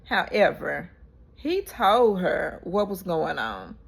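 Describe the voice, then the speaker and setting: A woman vlogger recapping a reality show episode in casual, animated storytelling, acting out what people said. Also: fairly low pitch, takes it slowly, vocal fry, husky. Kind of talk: casual chat.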